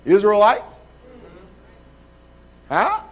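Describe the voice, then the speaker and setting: A man's voice: sits high, wildly swooping pitch, drawn-out words, highs cut off. A man preaching as a pastor, calling members forward and asking the congregation whether they follow him. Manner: calls people up, checks in with the crowd. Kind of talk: live sermon.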